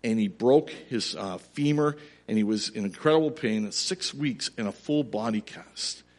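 A man in his forties telling a story in a sermon, earnest and dropping to a quiet emotional emphasis. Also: lowish voice, a little slow. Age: 40s. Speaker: pastor.

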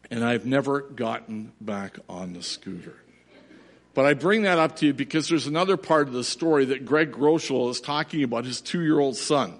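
Man, forties, pastor, sermon storytelling, earnest, softening emphasis. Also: mid-range voice. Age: 40s. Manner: earnest, builds to quiet emotional emphasis.

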